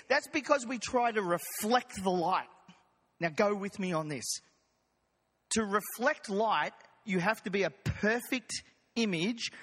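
A man preaching a lively, jokey sermon as pastor, acting out voices of his congregation. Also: high-pitched. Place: church hall. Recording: long hall reverb.

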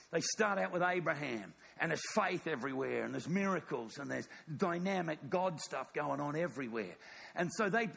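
A man preaches with a gravelly, slightly husky voice that swings widely up and down as he tells the story. His pitch sits a little above the usual for a man. He acts out the characters' lines in his sermon. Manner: animated storytelling, acting out dialogue.

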